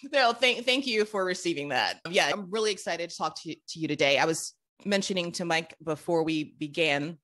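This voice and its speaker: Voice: medium pitch, moderate pace, pushed and bright. A podcast host interviewing a guest in a playful, casual way, laughing often.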